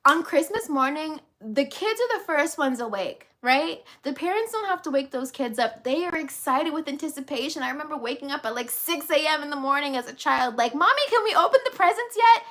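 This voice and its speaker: High-voiced woman coach, emphatic and repetitive. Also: animated, a little fast, hardly any pauses, a bit bright. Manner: emphatic and repetitive, casual with swearing. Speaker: life and business coach. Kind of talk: motivational vlog talk.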